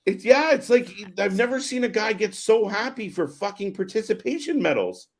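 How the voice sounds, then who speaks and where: Sarcastic man with a lively voice. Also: high voice, moderate pace. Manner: sarcastic, swears, laughs a lot. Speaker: podcast co-host. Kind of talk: casual wrestling chat.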